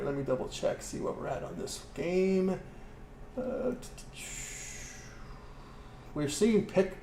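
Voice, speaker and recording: A man hosting a live sports betting stream, giving picks and promotions in a quick, upbeat patter with fillers. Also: a little high, slight background noise. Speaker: sports betting show host.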